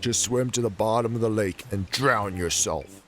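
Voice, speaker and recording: A man voicing a cranky old male hermit bird creature from a video game, gruff and grumpy. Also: fairly low pitch, moderate pace, fairly bright tone, natural voice. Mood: impatient.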